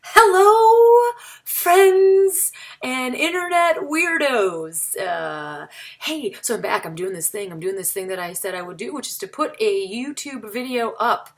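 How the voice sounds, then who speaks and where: A woman's voice: medium pitch, moderate pace, fairly bright tone. A woman comedian talking casually to camera, chatty and self-mocking, indoors on a camera mic. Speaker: stand-up comedian vlogging. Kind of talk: casual to-camera vlog talk.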